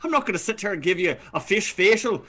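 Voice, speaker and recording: A man doing improv comedy, playing a scuba instructor and then hosting the next game in a playful, animated way. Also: high-pitched, quick pace. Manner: playful, animated, drifts into accents. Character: male scuba instructor at a fish and flower shop. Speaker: improv performer and host.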